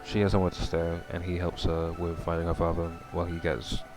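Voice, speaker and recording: A young man with a very low voice reads a horror game aloud and chats between lines. His talk is loose and rambling. Game music plays under him. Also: completely flat delivery, fast. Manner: casual, rambling, full of fillers. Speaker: streamer. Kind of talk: casual gameplay commentary and reading aloud.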